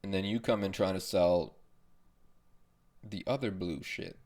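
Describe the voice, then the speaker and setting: Low gravelly man rambling on a podcast. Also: a little slow, a little mellow. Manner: profane, rambling, self-mocking. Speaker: podcast host. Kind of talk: rambling solo podcast monologue.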